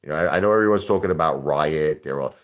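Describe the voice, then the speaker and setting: On a laid-back live stream, a host with a very low voice talks fast through an aggressive, brash rant. He keeps repeating himself to hammer each point.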